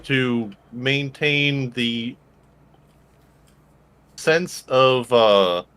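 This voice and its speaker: A man's voice: medium pitch, drawn-out words, a bit bright, smooth. A man playing a tabletop game, hesitant and searching for words as he decides. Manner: hesitant, full of ums and uhs. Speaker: player.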